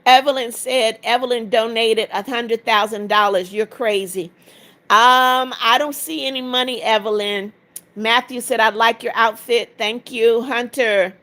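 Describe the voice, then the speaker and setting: A woman in her seventies with a slightly high voice hosts a live stream, greeting each viewer by name and reading their comments aloud. She is motherly but turns firm with rude viewers. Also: steady tone, a little slow, pushed and bright. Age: 70s. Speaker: livestream host.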